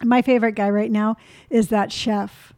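A woman's voice: mid-range voice, flat delivery, moderate pace, a little mellow. A woman in casual conversation, chatty and hesitant with many fillers. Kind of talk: casual chat.

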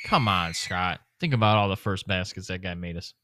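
A man's voice: sits low, normal speed, background noise. A man co-hosting a podcast, blunt and argumentative in casual sports chat. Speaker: podcast co-host.

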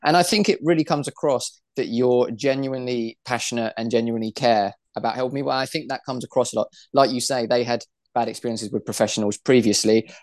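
A young male podcast host talks quickly, doubling words as he gets going and warmly affirming his guest. The sound is close and dry, with no room around it. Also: medium pitch, fairly even intonation, dry recording. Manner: quick, repeats words when starting, affirming. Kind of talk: casual interview chat.

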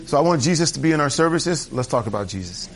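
A man's voice: on the high side, expressive, quick pace. A man preaching a conversational sermon to his church, candid and chatty, drifting into asides and restarting his sentences. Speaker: pastor. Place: church service.

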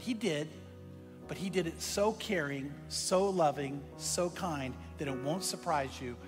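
A man's voice: high-pitched, expressive, moderate pace, soft background music. A man preaching a sermon, telling a story earnestly and speaking straight to his congregation. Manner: earnest storyteller who addresses the congregation directly. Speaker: pastor. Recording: long hall reverb.

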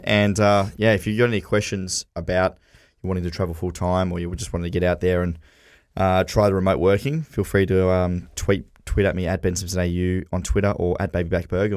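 A man co-hosting a podcast in casual chat, relaxed and laid-back. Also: low voice, fast, no echo, studio quality. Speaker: podcast co-host.

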